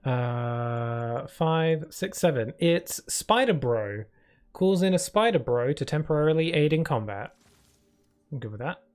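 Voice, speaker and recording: A man with a smooth, darkish voice on the high side and lively intonation streams a video game, speaking a little slowly. He chats playfully with viewers and answers the chat full of filler words and restarts, with game music behind him.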